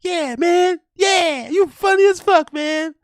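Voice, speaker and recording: A man putting on a shrill squeaky caricature voice. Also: takes it slowly, dry recording, studio quality, full character voice. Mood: mocking. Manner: shrieking falsetto, jeering.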